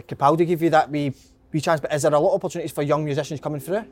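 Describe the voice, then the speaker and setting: A man's voice: on the high side, steady tone, rapid-fire, no room sound. A Scottish man in a casual chat who puts in short questions and joking remarks.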